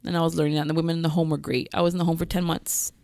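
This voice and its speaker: A woman telling her life story as a podcast guest, speaking candidly and pausing often with "um.". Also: sits low, flat delivery, creaky, a little mellow, no echo, clean studio sound. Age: adult mother with several children. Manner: candid, frequent "um" pauses, acts out her past self. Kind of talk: personal testimony in a podcast interview.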